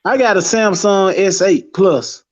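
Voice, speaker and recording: Man, casual profane chat, fairly high voice, muffled lo-fi audio. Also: measured pace. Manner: loose, profane, animated street talk. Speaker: guest on a live stream. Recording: dull lo-fi stream audio.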